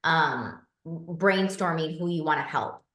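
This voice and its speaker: A woman from Southern California hosting a group video call, enthusiastic and encouraging, talking in quick bursts. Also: low-pitched, fairly bright tone, roomy sound.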